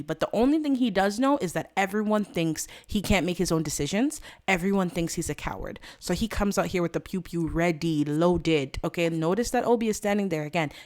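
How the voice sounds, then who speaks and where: Lower-voiced woman narrating gameplay dramatically. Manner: animated and dramatic, addresses viewers. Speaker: let's play host.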